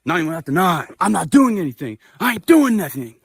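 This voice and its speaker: A man's voice: high voice, big pitch swings, brisk, vocal fry, breathy edge, no echo, clean studio sound, voice pushed up, heavily acted. A man voicing an aggressive, obnoxious man picking a fight with a stranger, in a raised, drawling voice. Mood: belligerent. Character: loud, pushy adult man picking a confrontation.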